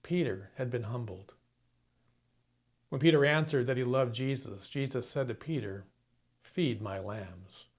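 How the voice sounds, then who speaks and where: A man's voice: medium pitch, moderate pace, pauses often. A man preaching a sermon, retelling a story dramatically and acting out the quoted lines. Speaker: pastor.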